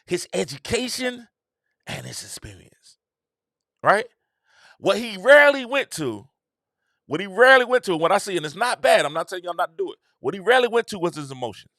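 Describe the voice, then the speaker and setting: Emphatic, high-voiced man riffing on the show. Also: sing-song, a little fast, sharp tone, no echo, studio quality. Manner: repetitive, emphatic, slangy and conversational. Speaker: show host. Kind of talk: casual commentary monologue.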